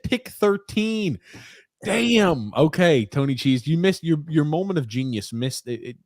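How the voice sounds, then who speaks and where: A man's voice: fairly high pitch, sing-song, a little slow, dry recording. A man co-hosting a casual sports podcast, reading viewer comments aloud with laid-back, dry asides.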